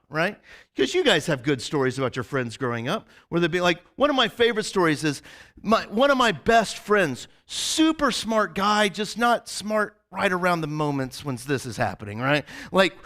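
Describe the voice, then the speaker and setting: A male pastor telling stories in a sermon, animated and rambling, with constant "right?" asides to a church congregation. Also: sits high. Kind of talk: storytelling sermon. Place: church service before a congregation.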